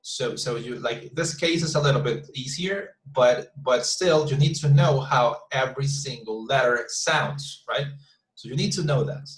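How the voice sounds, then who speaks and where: A Spanish-speaking male English teacher with a Spanish accent and a mid-range voice leads an online class haltingly, repeating words and using many fillers. The recording is reverberant and low quality.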